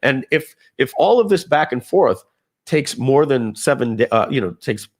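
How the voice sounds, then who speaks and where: A man giving a casual live software demo, talking viewers through settings with fillers and asides. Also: medium pitch, normal speed. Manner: lively, conversational, with frequent fillers and asides. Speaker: software trainer.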